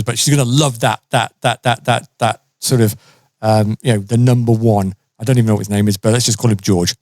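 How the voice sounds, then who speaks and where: A man's voice: mid-range voice, no room sound, clean studio sound. A man casually telling a funny story on a podcast, acting out the people in it and laughing often. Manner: animated, lively, acts out quotes and laughs often.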